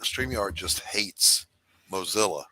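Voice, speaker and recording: A man's voice: low-pitched, animated, slow, bright, forceful tone, husky, low-quality recording. A man with a Southern American accent hosting a casual streamed chat show, joking and teasing his guests in wry banter. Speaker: podcast host.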